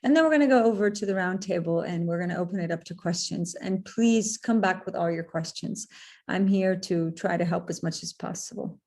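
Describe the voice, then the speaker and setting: A woman's voice: lowish voice, brisk, a little mellow. A woman therapist giving an earnest webinar talk to parents, repeating points and saying "you know" and "um" often.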